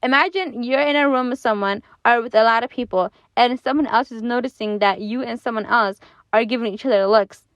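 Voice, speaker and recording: A woman giving casual commentary on an online story, animated and exasperated, with lots of fillers and restarts. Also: on the high side, brisk, dry recording.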